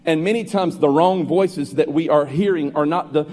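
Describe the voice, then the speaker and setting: A man preaching a sermon as pastor, building to loud, ringing emphasis. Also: a little high, normal speed. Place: church sanctuary. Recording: long hall reverb with faint music.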